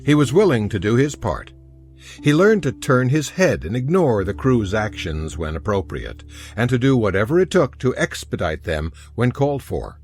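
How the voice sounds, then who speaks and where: A man narrating a historical audiobook in an expressive storytelling manner. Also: medium pitch, moderate pace, faint music behind. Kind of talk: scripted narration.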